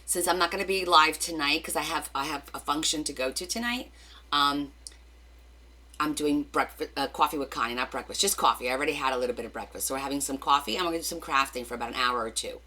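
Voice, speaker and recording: A middle-aged woman with a New Jersey accent hosts a craft livestream, talking fast in a low, pushed, bright voice. She chats casually, greets viewers by name, and wanders off into rambling asides.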